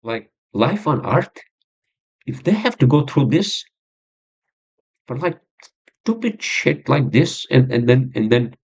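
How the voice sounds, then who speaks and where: A man's voice: mid-range voice, big pitch swings, slow pace, creaky, pauses often, darkish tone, breathy edge. A man hosting his own podcast, venting in a rambling, agitated monologue full of swearing and fillers. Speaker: podcast host. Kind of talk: frustrated monologue. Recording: dull lo-fi sound.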